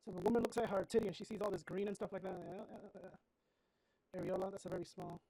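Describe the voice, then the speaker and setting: A woman streams a horror game and talks over it casually, musing aloud. She is blunt and swears freely, her pitch sitting in an ordinary middle range. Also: steady tone, quick pace, gravelly, warm tone, no echo, poor audio. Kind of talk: casual gameplay commentary.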